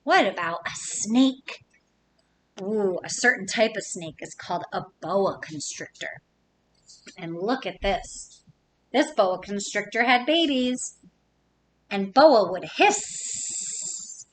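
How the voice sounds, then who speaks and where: A woman reading a picture book aloud to young children, pausing to ask them playful questions. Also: mid-range voice, expressive, a little hiss or hum, rough recording. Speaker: children's story reader.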